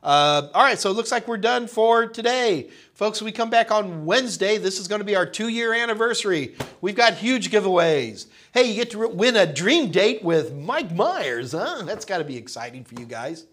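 A man's voice: sits high, lively intonation, moderate pace, few pauses, fairly bright tone. A man hosting a live tech question-and-answer stream, chatty and upbeat, calling viewers folks, with a nagging cough. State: coughing, slightly hoarse.

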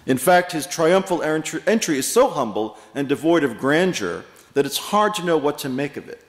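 A male pastor preaching a sermon, telling stories in a measured way with pauses and stressed words. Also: fairly high pitch, sing-song. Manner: measured storytelling with pauses and emphasis. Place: church sanctuary. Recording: echoey hall with long reverb.

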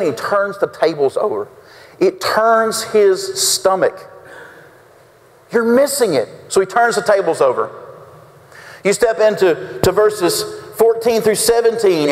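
A male pastor preaching a folksy sermon, acting out quotes with big swings in his voice. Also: high voice. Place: church sanctuary. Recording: reverberant church sanctuary.

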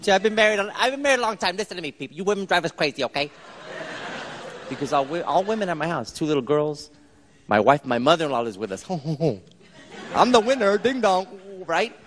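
A middle-aged man from the Bronx doing stand-up comedy, animated and talking straight to the crowd. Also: fairly high pitch, a little fast. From Bronx, New York. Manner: animated, jokey, talks to the crowd. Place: live comedy stage in a large hall. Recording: echoey hall with crowd noise. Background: audience laughter.

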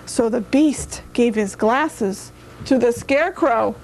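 A woman's voice: sits high, animated, slow pace, slight background noise. A woman reading a picture book aloud to young children in a television studio, in a patient sing-song manner that coaxes them to answer. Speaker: children's story reader.

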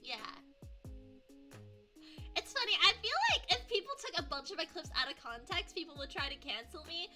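A woman's voice: very high voice, lively intonation, moderate pace, long pauses, bright, forceful tone. A young adult woman streaming live from home, chatting casually and greeting viewers with pet names like sweetie and darling. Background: faint background music.

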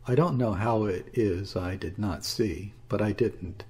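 A man reading a classic story aloud as an audiobook, in a measured, even storytelling manner. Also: on the low side, breathy edge. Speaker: audiobook reader. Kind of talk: scripted narration of a classic story.

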